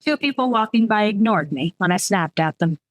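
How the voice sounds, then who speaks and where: A woman romance author, chatting candidly and reading aloud from her novel, self-deprecating and quick to laugh. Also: mid-range voice, no echo, lo-fi sound.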